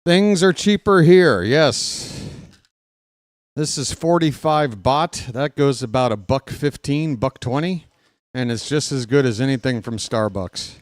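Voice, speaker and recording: A man's voice: mid-range voice, lively intonation, a little slow, dry recording, studio quality. A man hosting a casual live-stream watch-along, chatty and joking, reading chat aloud, out of breath.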